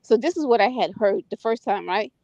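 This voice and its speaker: A woman's voice: mid-range voice, animated, fairly quick, darkish tone, dry recording. A woman from the United States chatting casually, retelling a story and often checking in with "right?" and "you know". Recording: dull, dry lo-fi audio.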